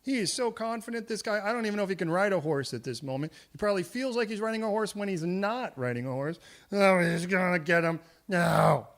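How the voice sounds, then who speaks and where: A man preaching a sermon in a church, lively and humorous, slipping into acted voices for the people in his story. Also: sits high, quick pace, hardly any pauses. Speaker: pastor.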